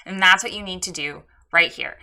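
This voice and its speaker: A woman's voice: lowish voice, normal speed, bright, forceful tone. A woman coaching a photographer on her website in a casual spoken critique, frank and direct.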